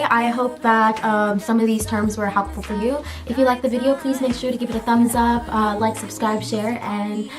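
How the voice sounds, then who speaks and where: A young woman from the US, chatting casually in a vlog and explaining words with lots of fillers. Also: a little high. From United States. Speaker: vlogger.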